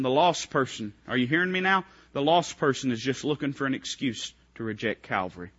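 Impassioned preacher man, lo-fi recording. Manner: impassioned preaching, swinging from loud high calls to low hushed lines; asks the congregation direct questions. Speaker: pastor. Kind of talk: sermon.

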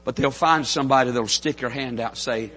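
Fervent country preacher from North Carolina. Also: male voice, fast. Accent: Southern US, North Carolina. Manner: fervent, builds to shouts, drops to soft intimate lows. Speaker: pastor. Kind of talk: sermon. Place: church sanctuary.

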